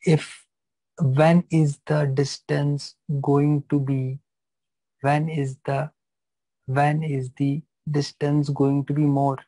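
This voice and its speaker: A man's voice: fairly high pitch, flat delivery, slow pace, mellow, dry recording, low-quality recording. A man teaching a live physiology class, repeating phrases and checking that students understand.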